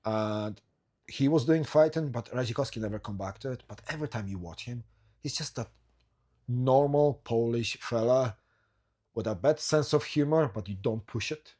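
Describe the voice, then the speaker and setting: A man's voice: mid-range voice, moderate pace, darkish tone. A man hosting a podcast, chatting casually and chiming in with short quips and questions. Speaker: podcast host. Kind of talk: casual chat.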